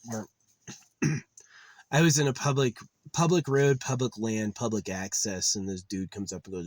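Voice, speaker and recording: Deep-voiced man rambling, profane. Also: steady tone, moderate pace, no echo. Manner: meandering, profane, frequent fillers and restarts. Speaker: vlogger. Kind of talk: rambling casual monologue.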